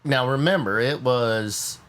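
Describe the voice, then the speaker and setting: A man from California, hosting a podcast and telling a lively story, often repeating words as he gets going. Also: medium pitch, slow pace. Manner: animated, repeats words when excited. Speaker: podcast host. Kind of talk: casual storytelling.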